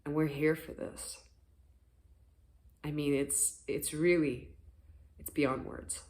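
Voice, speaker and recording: Spiritual vlogger doing a morning chat to camera, soft and earnest, kinda rambly, voice still a bit rough from sleep, mid pitch. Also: level tone, takes it slowly. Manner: gentle, earnest and encouraging, rambling at times. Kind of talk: casual morning talk to camera.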